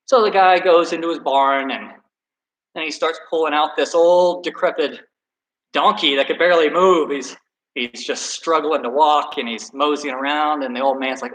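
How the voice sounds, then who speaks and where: A man with a fairly high voice leads a workout and tells a story in a relaxed, chatty way. He is friendly and self-deprecating, a soccer coach talking to his players. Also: moderate pace, low-quality recording. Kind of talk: casual workout video and storytelling.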